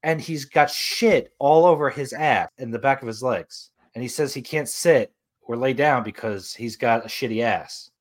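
A man's voice: medium pitch, normal speed. Rambling man telling a dream story. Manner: rambling storyteller, acts out voices in his tales. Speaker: podcast co-host. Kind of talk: casual chat.

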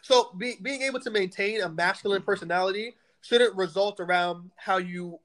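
A man in his twenties co-hosting a podcast, talking in blunt, profane, animated stories. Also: high-pitched, moderate pace. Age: 20s. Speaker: podcast co-host. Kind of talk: casual chat.

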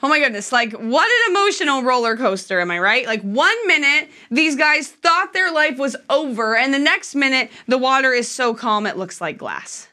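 Bright-voiced woman preaching casually. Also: high voice, expressive, moderate pace, few pauses. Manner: conversational, chatty storytelling with fillers. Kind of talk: sermon. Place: church.

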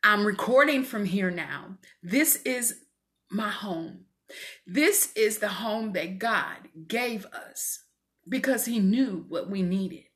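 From her home, a woman minister with an expressive, mid-range, slightly bright voice shares a fervent faith testimony with women viewers. She speaks slowly in a preacherly style and calls her listeners "y'all."

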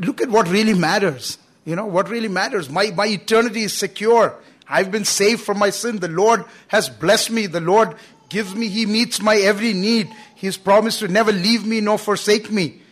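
A man's voice: high-pitched, slightly rough. A man preaching a sermon, earnest and emphatic, with frequent "you know" fillers. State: coughing at times.

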